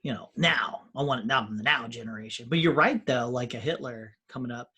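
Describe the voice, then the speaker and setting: Husky-voiced man ranting casually. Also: mid-range voice, a little fast, sharp tone. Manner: profane, ranting, mocks people in quoted voices. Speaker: podcast co-host. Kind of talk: casual chat.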